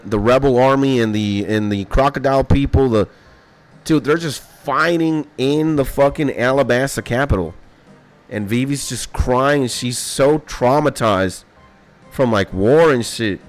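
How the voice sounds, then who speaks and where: A young man chatting casually on a gaming stream, excited and swearing a lot, full of slang, while music plays behind. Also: mid-range voice, unhurried.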